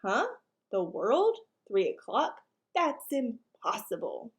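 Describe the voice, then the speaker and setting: A woman's voice: wildly swooping pitch, slow, exaggerated voice. A woman voicing a self-important, blustering male ranch dog who talks in a bossy, pompous way. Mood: groggy. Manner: bossy and pompous, lower than her reading voice.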